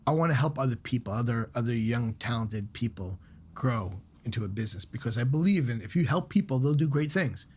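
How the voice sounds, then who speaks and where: A middle-aged man with a husky, slightly rough voice, guesting on a podcast as a chef. He talks bluntly and swears freely. He tells his stories with plenty of animation. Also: mid-range voice, expressive, fairly quick, darkish tone. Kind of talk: casual podcast conversation.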